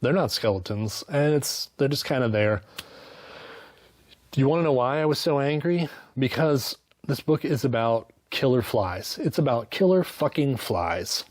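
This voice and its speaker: A man's voice: mid-range voice, animated, darkish tone, no room sound. Sarcastic, cussing male book reviewer. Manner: sarcastic, profane and joking, with quick mock-voiced asides. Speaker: book reviewer, channel host. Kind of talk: casual spoken book review.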